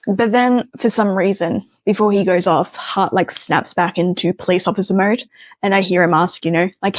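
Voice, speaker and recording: A woman's voice: medium pitch, steady tone, moderate pace, no echo. Wry, chatty woman telling a story. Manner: chatty, heavy use of filler "like", wry asides. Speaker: storyteller, doctor. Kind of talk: casual storytime.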